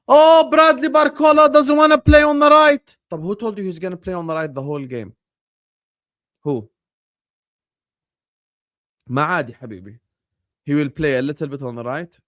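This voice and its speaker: A man's voice: a little high, animated, fairly quick, long pauses. A man hosting a livestream about football, arguing his points emphatically with rhetorical questions. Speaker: streamer and football pundit.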